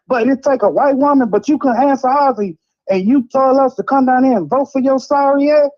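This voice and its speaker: A man's voice: very high-pitched, brisk, highs cut off. A man from Chicago calling in to a talk show, ranting in a rambling, frustrated way. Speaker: caller. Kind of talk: heated call-in rant.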